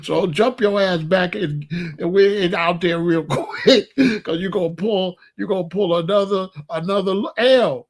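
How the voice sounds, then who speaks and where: An online talk host offers loose, joking relationship advice directly to his listeners, speaking casually and playfully in slang. His voice is high-pitched and his pace unhurried.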